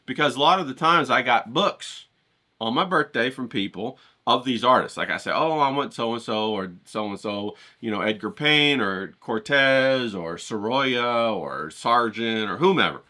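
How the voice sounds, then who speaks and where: Joking, profane man with a bright voice. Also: medium pitch. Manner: joking, rambling, profane, talks straight to viewers. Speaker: painter and vlogger. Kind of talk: casual talk to camera.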